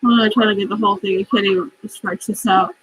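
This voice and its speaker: A woman's voice: mid-range voice, fairly even intonation, fast talker, a bit bright, slight background noise, low-quality recording. A woman vlogging casually, reading out chat messages and venting in a frustrated, profane, rambling way while upset and stressed.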